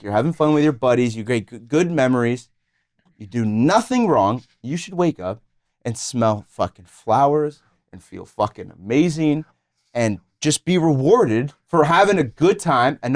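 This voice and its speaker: A man hosting a casual podcast, with a lively voice that swings up and down as he teases the others. He swears easily and pushes his points with playful mock outrage. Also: medium pitch, moderate pace. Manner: teasing, animated, swears casually. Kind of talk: casual chat.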